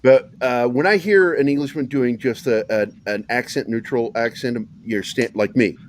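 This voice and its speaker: A man's voice: mid-range voice, normal speed, a little hiss or hum. A man from a small Virginia town with a neutral American accent, chatting casually as a podcast co-host, rambling with lots of fillers and swearing. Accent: neutral American, Southern slips when tired. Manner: rambling, profane, many fillers. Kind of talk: casual chat.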